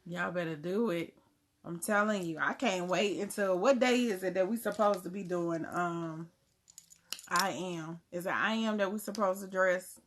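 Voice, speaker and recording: A woman's voice: fairly low pitch, moderate pace, slight background noise. A woman with a Southern US accent, chatting casually on a livestream and answering viewers, laughing often. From Germany. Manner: drops words, casual grammar. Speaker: livestream host. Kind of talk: casual live chat reading comments.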